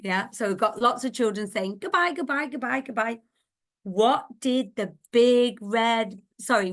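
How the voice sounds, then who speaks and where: A woman leading an online teacher workshop over a video call, reading a children's story aloud and playfully acting out loud, busy, quick and whispered voices. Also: a little high. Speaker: teacher trainer.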